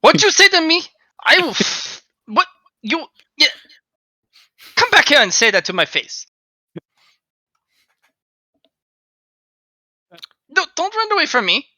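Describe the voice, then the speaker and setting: Shrill, squawking outrage from a hotheaded former department head, as a man puts him on. The voice is pitched far up, piercingly bright and bone-dry, with wild swings in pitch. It comes from a tabletop game session. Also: big pitch swings, unhurried, no echo, full character voice. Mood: outraged. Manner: shrill, indignant shouting.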